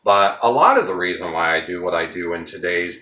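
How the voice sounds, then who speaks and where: A man's voice: low voice, lively intonation, a little fast, highs cut off. Chatty man rambling in an echoey kitchen. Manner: rambling, chatty, talks straight to viewers. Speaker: home cooking vlogger. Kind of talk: casual cooking vlog chat. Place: home kitchen.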